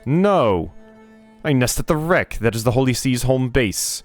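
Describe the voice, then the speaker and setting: A man's voice: medium pitch, expressive, a little slow, soft background music, close to an everyday voice. A man voicing a proud, zealous male gull in a video game, in a pompous, formal way with broken phrasing. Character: proud zealous talking gull, a male sea bird guard.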